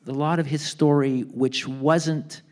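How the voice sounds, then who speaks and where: A man telling a family story in a live onstage book talk, acting out the people in it with lively voices. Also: fairly high pitch, takes it slowly. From Canada. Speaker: author being interviewed. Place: theatre stage.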